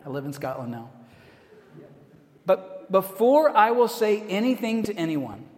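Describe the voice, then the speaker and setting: An American man preaching a sermon as a pastor, conversational, with self-deprecating asides. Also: on the high side. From United States. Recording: echoey hall, long reverb.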